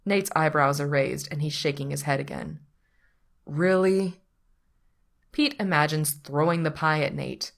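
A woman narrating a story aloud in an even, unhurried manner. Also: low voice, creaky. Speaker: story reader. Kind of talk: reading fan fiction aloud.

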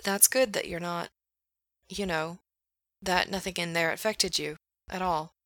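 A woman voicing an earnest, awkward young man who speaks quietly and hesitantly. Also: on the low side, fairly even intonation, unhurried, no room sound.

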